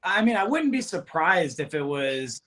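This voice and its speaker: A man's voice: on the high side, big pitch swings, moderate pace, fairly bright tone. A man in his forties, a military veteran, reminiscing in an easygoing, curious way and sharing anecdotes with old comrades. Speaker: Marine veteran. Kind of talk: casual reminiscing chat.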